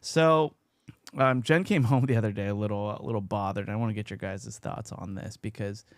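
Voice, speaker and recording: A man from the USA hosting a casual podcast chat, upbeat and jokey, often trailing off quietly at the ends of his sentences. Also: fairly low pitch, fairly even intonation, fairly quick, dry recording, studio quality. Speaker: podcast host. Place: home studio, Long Beach, California. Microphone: podcast mic.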